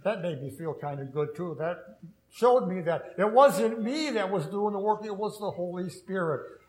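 A man's voice: high-pitched, reverberant, rough recording. A man who is a pastor, preaching an earnest sermon with storytelling and self-deprecating humor.

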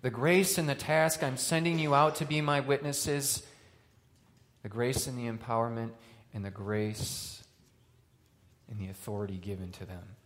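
A male pastor preaching a sermon, swinging from loud, rising questions to quiet, hushed lines. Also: medium pitch, steady tone, normal speed.

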